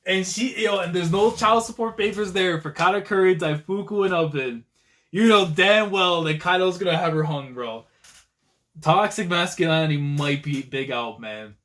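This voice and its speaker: A man hosting a live manga reaction, talking in an excitable, slangy way with frequent exclamations. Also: high voice, moderate pace.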